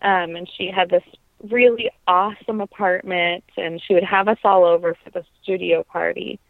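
A young woman, a trained singer, reflecting earnestly in an interview, pausing often with ums and restarts. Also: on the low side, steady tone, creaky, no echo. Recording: dry, tinny phone-like line.

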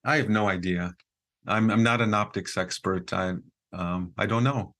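A man's voice: lowish voice, normal speed. A man who is a podcast guest, telling a story casually, with lots of fillers and acted-out quotes. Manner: lively storyteller with frequent fillers and quoted dialogue.

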